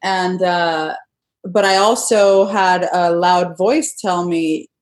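A woman's voice: lowish voice, fairly even intonation, takes it slowly. A young adult woman, a guest, earnestly telling her own love story in a casual conversation.

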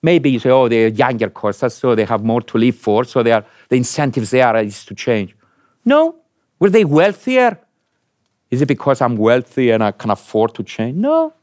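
A man's voice: sing-song, moderate pace, a little mellow, no echo, studio quality. A man lecturing an audience, asking them questions and stressing points emphatically. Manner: asks the audience questions, emphatic rising pitch.

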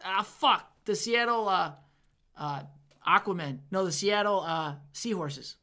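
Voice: medium pitch, unhurried, pushed and bright. A podcast co-host in casual chat, teasing and playfully guessing.

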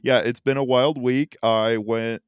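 Chatty man with a crisp, dry voice. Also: mid-range voice, fairly even intonation, measured pace, dry recording. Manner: chatty, rambling storyteller. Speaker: podcast co-host. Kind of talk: casual podcast chat.

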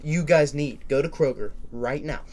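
A young man co-hosting a casual podcast, excitable and loud at times, swearing freely. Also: a little high, normal speed. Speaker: podcast co-host. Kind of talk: casual chat.

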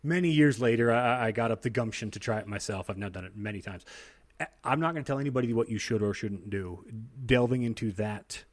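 Brief: young adult male, rapid animated storyteller, goes quiet and low for the heavy parts, casual podcast chat. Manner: animated storyteller, drops low and hushed at intense moments.

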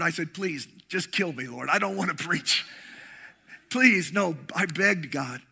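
A middle-aged man preaching a sermon with passion, swinging between shouting and hushed tones. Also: high voice. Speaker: pastor.

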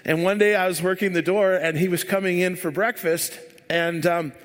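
A man's voice: high-pitched, steady tone, moderate pace, a bit bright. A man giving a sermon as a church speaker, telling stories in a rambling, joking way full of fillers. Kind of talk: sermon with casual storytelling. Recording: long hall reverb.

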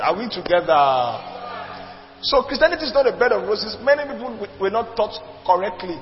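A man's voice: high-pitched, sing-song, fairly quick, a little hiss or hum. A man preaching a sermon, emphatic and repetitive, calling on the congregation to respond. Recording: dull lo-fi recording with long reverb.

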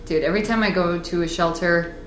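A woman in relaxed casual chat, speaking easily and filling gaps with "like". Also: on the low side, fairly quick. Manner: relaxed, chatty, many fillers like "like". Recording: echoey room, faint noise.

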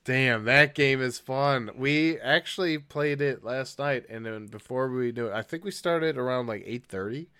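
A male podcast co-host chatting casually at a middle pitch. He rambles through gaming stories and keeps breaking into laughter, all on a dry, close recording with no room sound. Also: moderate pace, hardly any pauses, pushed and bright, clear, resonant tone, no echo. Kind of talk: casual chat.

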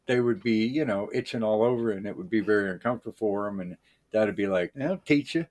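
A man's voice: fairly low pitch, fairly even intonation, fast talker, darkish tone. A man co-hosting a comedy podcast, explaining things in folksy, ungrammatical talk with mock authority. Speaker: podcast co-host.

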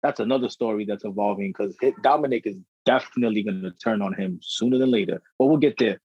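A husky young man riffs on wrestling with a podcast co-host, cursing and tossing out slang as he gets worked up. His voice sits at a middle pitch and comes through dry and a little muffled, like a lo-fi recording. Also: quick pace, no room sound. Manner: profane, slangy, excitable. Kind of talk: casual wrestling chat. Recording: dry dull lo-fi audio.

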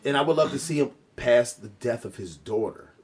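A man on a podcast talking things through in casual chat, hedging and trailing off softly. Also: medium pitch, expressive, a little fast. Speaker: podcast co-host.

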